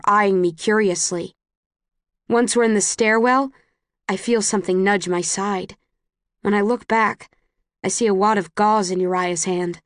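A woman's voice: medium pitch, dry recording, clean studio sound. A woman reading a novel aloud in first person, earnest and emotional. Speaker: audiobook narrator.

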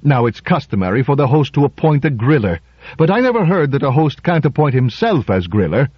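A man's voice: medium pitch, very animated, a little fast, slightly rough, no room sound, dull audio, pitched above the performer's own voice. A man voicing an insistent, blustering middle-aged host who has appointed himself as the questioner, in a storybook reading. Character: pushy self-appointed male dinner host.

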